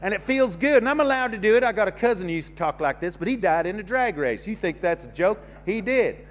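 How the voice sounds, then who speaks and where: A man's voice: high voice, very animated, quick pace. A Canadian man in his fifties doing a stand-up set, rambling and self-mocking, swearing freely and letting thoughts trail off. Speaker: stand-up comedian. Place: comedy club stage.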